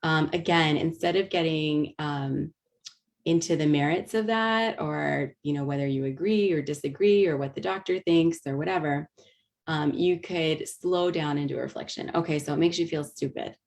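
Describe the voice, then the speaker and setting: Low, gravelly-voiced woman teaching a webinar. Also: moderate pace. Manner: explanatory, frequent ums and restarts. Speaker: workshop presenter. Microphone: video call mic.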